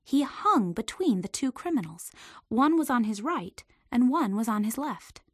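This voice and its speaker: A woman reading a storybook aloud in an expressive, lively way. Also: on the high side, unhurried, dry recording, studio quality.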